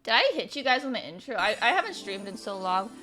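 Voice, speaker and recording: A young woman streamer chatting excitedly with her viewers while playing a story game. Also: medium pitch, fast. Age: young adult. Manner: excitable, gushing, talks to chat. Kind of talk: casual live game stream chat.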